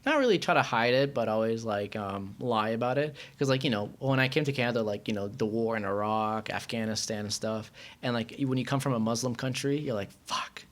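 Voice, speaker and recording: A man from Iran talks as a podcast guest in easygoing, loose conversation. His speech wanders, packed with fillers and restarts, at a middle pitch. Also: brisk. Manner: rambling, filler-heavy, often says "like". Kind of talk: casual chat.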